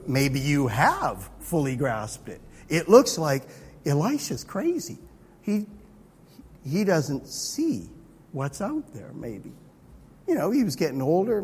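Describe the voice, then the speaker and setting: A man preaching a sermon in a conversational, animated way. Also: on the high side, husky. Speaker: pastor. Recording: long hall reverb.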